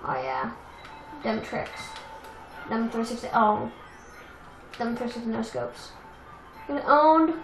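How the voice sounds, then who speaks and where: A young woman casually commenting on a racing game she plays, chatty and self-deprecating, with excitable outbursts. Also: on the high side, takes it slowly, long pauses. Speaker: let's play gamer. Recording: echoey room with game music.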